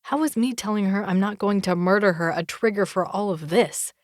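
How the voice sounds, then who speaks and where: A woman's voice: medium pitch, fairly quick, dry recording, studio quality, natural voice. A woman narrator voicing a defensive, hot-tempered young man who answers with sarcasm in an audiobook.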